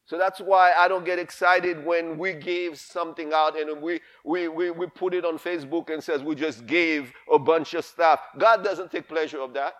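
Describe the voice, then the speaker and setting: Pastor, male, high voice, preaches with fire and repetition. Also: steady tone, normal speed, hardly any pauses, fairly bright tone. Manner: impassioned, emphatic, repeats himself. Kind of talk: sermon.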